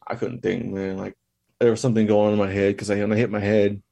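A man with a low, gravelly voice tells a story casually as a podcast guest. He retells events in a halting, meandering way. The sound is dry and close. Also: flat delivery, dark tone, dry recording, dull audio.

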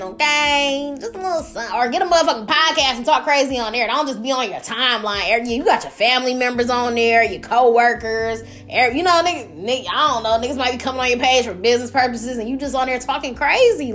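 A young woman hosting her own podcast, ranting bluntly and profanely in a casual, animated way. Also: a little high. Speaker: podcast host. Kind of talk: casual solo podcast rant.

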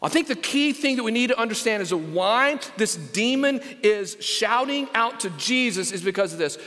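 A man's voice: high voice, expressive, moderate pace, sharp tone. A man, preaching a sermon as senior pastor, emphatic and asking the congregation questions. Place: church sanctuary. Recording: long reverb of a large church.

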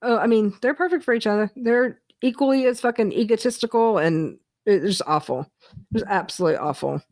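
A woman's voice: a little high, brisk, a little mellow, no echo, clean studio sound. Profane, blunt woman with a twang. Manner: blunt, profane, laughs often. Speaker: podcast co-host. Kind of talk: casual reality-TV recap chat.

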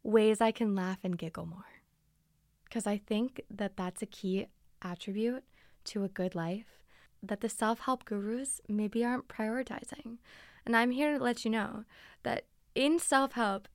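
A woman's voice: mid-range voice, measured pace, no echo. A young woman hosting a podcast, chatting casually and bubbly as she answers listener questions in a recording studio on a studio mic. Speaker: podcast host. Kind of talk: casual solo podcast chat. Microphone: studio microphone.

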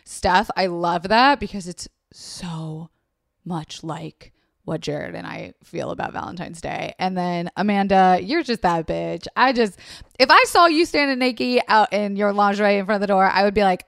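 A woman's voice: medium pitch, moderate pace, vocal fry, dry recording, clean studio sound. A woman hosting a podcast, chatting casually and gushing about her friends' stories, swearing freely. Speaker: podcast host. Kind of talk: casual chat reacting to voice notes.

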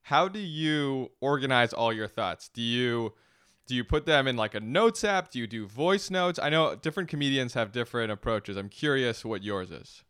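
A man's voice: mid-range voice, lively intonation, normal speed, fairly bright tone, smooth, dry recording, studio quality. A man hosting a podcast interview, friendly and curious, laughing easily at his guest. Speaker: podcast host.

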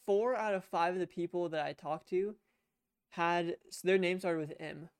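A young man chats on a podcast from his computer at home, spinning out a long, rambling story full of restarts and the odd curse. His voice is smooth and resonant, and the sound is close and dry. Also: high-pitched, normal speed, no room sound. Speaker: podcast co-host. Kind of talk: casual chat. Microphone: headset.

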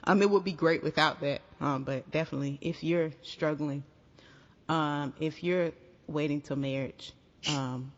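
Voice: mid-range voice, steady tone, unhurried. A podcast co-host chatting casually with a dry, sarcastic, teasing edge. The sound is dull and lo-fi. A long reverb trails behind every phrase. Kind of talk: casual chat.

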